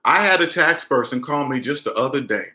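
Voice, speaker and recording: Blunt, bright-voiced man in an echoey room. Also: medium pitch, expressive, a little fast. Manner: emphatic, blunt, repetitive restarts. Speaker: personal finance vlogger. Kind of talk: casual lecture to the camera. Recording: roomy echo.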